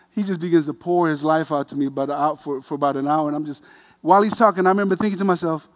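A middle-aged man preaching, an animated, self-deprecating storyteller who grows quiet and earnest. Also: fairly high pitch, fast. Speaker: pastor. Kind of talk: sermon storytelling.

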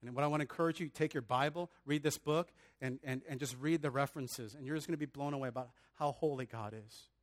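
A man's voice: medium pitch, fast talker, few pauses. A man preaching a sermon in an earnest, conversational way, often restarting his phrases and adding casual asides. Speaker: pastor.

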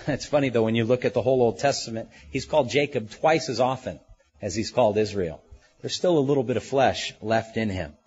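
A male pastor delivering an expository sermon, earnest and unhurried, dwelling slowly on key words. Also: medium pitch, darkish tone, slightly rough, dull audio.

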